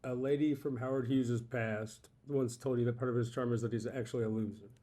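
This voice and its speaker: A man hosting a casual interview, joking and animated, swinging between loud bursts and mumbled asides. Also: mid-range voice, fairly quick, soft background music. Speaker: host.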